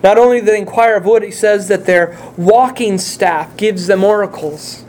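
A man's voice: high voice, moderate pace, a little mellow, a little hiss or hum. A male pastor preaching a sermon, speaking earnestly and putting direct questions to his congregation.

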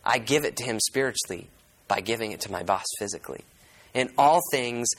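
A man's voice: medium pitch, a bit bright, rough recording. A man preaching a sermon as pastor. He reads scripture aloud, explains it verse by verse, repeats key words and puts questions to the congregation.

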